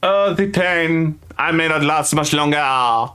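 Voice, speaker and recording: A man's voice: fairly high pitch, takes it slowly, pushed and bright, clean tone, voice pushed up. A man voicing a self-pitying male noble who moans melodramatically. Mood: moaning. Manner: melodramatic moaning.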